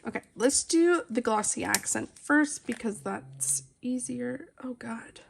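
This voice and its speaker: Chatty woman with a gravelly edge. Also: fairly high pitch, expressive, slow, a little hiss or hum. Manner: chatty and rambling, many fillers. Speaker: coloring vlogger. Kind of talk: casual chat while coloring. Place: at home, family nearby. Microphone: phone.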